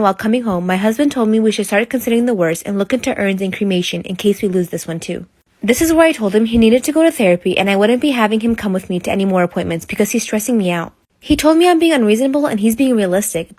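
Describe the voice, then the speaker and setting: A woman reading out a personal forum story in a flat, quick recital. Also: medium pitch, dry recording. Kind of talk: rapid scripted narration.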